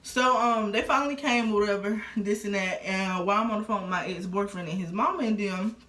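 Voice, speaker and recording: A woman's voice: medium pitch, brisk, bright, forceful tone. A young adult woman vlogging a casual storytime, rambling along with lots of fillers. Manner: rambling, filler-heavy, conversational. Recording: roomy echo.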